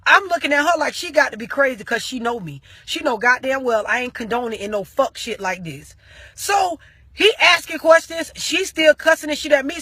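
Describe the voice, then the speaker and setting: A woman vlogger telling a story as an animated rant, full of slang and heavy profanity. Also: high-pitched, husky, no echo.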